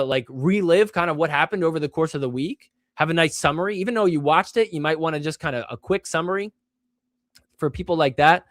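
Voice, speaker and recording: A man's voice: fairly bright tone, dry recording, studio quality. A young man hosting a show, talking casually and rambling with many fillers, poking fun at himself. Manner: acts out quoted fans in a higher voice. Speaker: show host. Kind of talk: casual solo chat.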